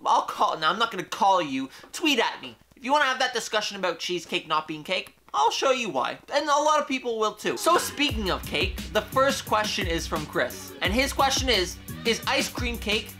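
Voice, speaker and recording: Young male vlogger, peppy and opinionated, casual Q&A delivery with music underneath. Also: high voice. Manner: energetic, playful, opinionated. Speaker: YouTube host. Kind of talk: casual Q&A vlog.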